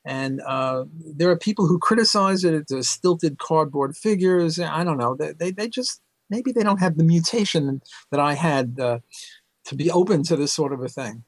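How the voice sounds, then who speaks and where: A man's voice: fairly high pitch, normal speed, no echo. An older man, an economics professor, telling stories as an interview guest, rambling with many fillers and laughs. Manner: rambling, self-correcting, frequent "uh" fillers, bursts of laughter. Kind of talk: casual storytelling interview.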